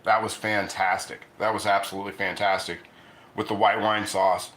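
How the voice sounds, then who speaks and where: A middle-aged man with a bright, forward tone chats loosely through a home-cooking livestream. He rambles, restarts sentences and talks between bites of food. His delivery is easy and unscripted. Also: lowish voice, flat delivery, normal speed. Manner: rambling, chatty, restarts often; eating and talking with mouth full. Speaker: cooking show host. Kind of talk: casual livestream chat.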